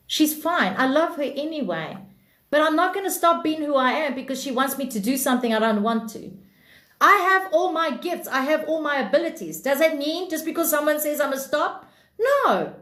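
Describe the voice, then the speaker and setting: Woman, high voice, blunt and preachy self-help livestream talk, swears freely, echoey room. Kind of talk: livestream talk reading comments.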